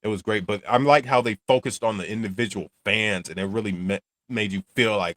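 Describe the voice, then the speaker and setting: A reaction-channel host talks through a film casually and animatedly, rambling and laughing often. His voice is on the low side, expressive and fairly bright, at a moderate pace. The studio sound is clean, with no echo.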